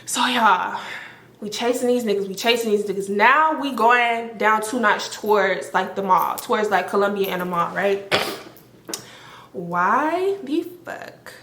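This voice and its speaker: Bright-voiced woman telling a storytime vlog. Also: medium pitch, a little slow, a little hiss or hum. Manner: animated, profane, full of "like" fillers. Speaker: storytime vlogger. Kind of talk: casual storytelling to camera. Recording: roomy echo.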